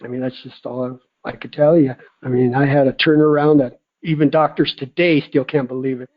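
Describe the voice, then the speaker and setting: A man in his fifties, a caller telling his own story in an excited, animated way. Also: medium pitch, a little fast, muffled recording. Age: 50s. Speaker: caller giving a testimonial. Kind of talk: casual phone-in testimonial.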